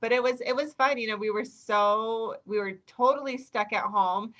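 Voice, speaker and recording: A woman from Utah speaks as a podcast guest in a very bright, sharp voice. Her manner is cheerful and easygoing. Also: on the high side, moderate pace, dull audio. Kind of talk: casual podcast chat.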